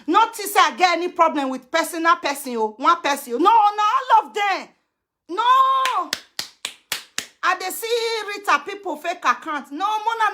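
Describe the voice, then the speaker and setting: Nigerian woman, high bright voice, hurls threats and curses in a live rant. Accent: Nigerian Pidgin. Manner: combative, cursing, threatening; switches into chanted curses. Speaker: social media personality.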